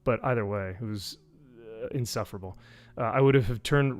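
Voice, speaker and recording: Sarcastic man ranting on a stream. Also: normal speed. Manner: animated, sarcastic, many fillers, mimics people with high voices. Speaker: YouTube reviewer. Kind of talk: casual live-stream rant.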